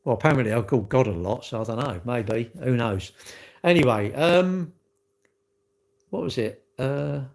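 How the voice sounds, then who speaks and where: A man's voice: medium pitch, animated, measured pace, creaky. A middle-aged man, chatting casually with viewers as a livestream host, rambling cheekily and acting out little exchanges in different voices. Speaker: livestream host reading chat.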